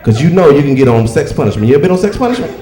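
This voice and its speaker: A male stand-up comedian with a high voice, telling animated stories on a club stage. He swings wildly up and down as he talks and bursts into loud shouts when he acts out the people in his bits. The sound carries the echo of the room. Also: rapid-fire. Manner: animated storytelling, acts out characters with loud outbursts. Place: comedy club stage before a live audience.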